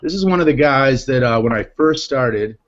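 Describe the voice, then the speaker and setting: A man hosting a casual group chat on a video call, jokey and quick to laugh. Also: mid-range voice, animated. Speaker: show host. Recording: dull lo-fi call audio, faint noise.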